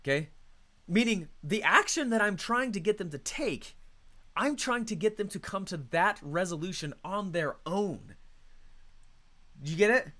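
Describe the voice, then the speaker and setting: A man's voice: high voice, lively intonation, a little slow, pushed and bright. A man leading a live online coaching call, talking energetically and conversationally and reacting to chat comments.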